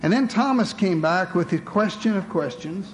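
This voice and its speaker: A man's voice: high voice, lively intonation, moderate pace, slight background noise. A man preaching a sermon to a congregation, with dramatic rhetorical questions, calling his listeners beloved.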